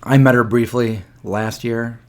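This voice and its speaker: A man's voice: mid-range voice, steady tone, measured pace. A man in his forties hosting a live stream chat, easygoing, reading viewer questions aloud. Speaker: host. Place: indoors, eating lunch. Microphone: external mic.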